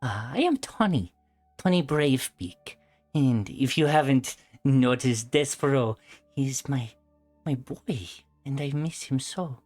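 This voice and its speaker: A heartbroken middle-aged mother, as a woman puts her on in a tabletop game. She swings from sweet doting to shrieking fury, with a very low base voice and wide, lively jumps in pitch. Faint music plays underneath. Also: a little slow, heavily acted. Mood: wistful.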